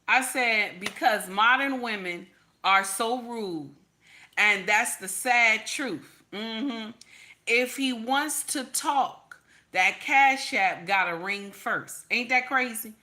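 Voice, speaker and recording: A woman's voice: fairly high pitch, slow pace, bright, forceful tone. A woman, giving sassy, repetitive livestream commentary and reading viewer comments aloud. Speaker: commentary streamer.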